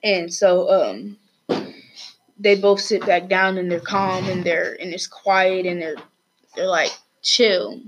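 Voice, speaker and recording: A woman's voice: lowish voice, level tone, slow pace, muffled recording, slight background noise. Rambling woman retelling a story. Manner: rambling, many fillers and restarts. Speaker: student podcast host.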